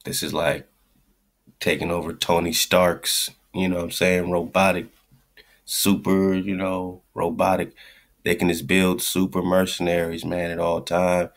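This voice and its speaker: A man with a very low voice and a rough, gravelly texture. He hosts a radio show and talks over a clip in blunt, profane slang, circling back to his points again and again. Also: level tone, unhurried. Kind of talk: commentary on a played clip.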